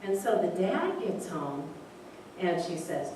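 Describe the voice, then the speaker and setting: A woman's voice: fairly low pitch, sing-song, slow pace, a little mellow. Woman reverend in a very echoey room. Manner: conversational, speaks directly to the group. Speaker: reverend leading a spiritual group. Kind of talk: spiritual talk with storytelling. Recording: very echoey room, voice from a distance, faint noise.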